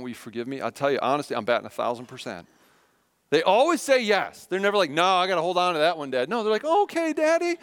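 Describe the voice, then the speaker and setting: A man in his thirties preaching a sermon to his church, earnest and conversational, telling personal family stories. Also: a little high. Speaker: pastor. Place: church sanctuary. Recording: long reverb in a church hall.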